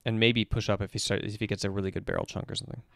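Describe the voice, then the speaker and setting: A man who works as an esports performance coach gives casual, animated commentary as he breaks down a game replay step by step. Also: fairly low pitch, very fast, no echo, studio quality.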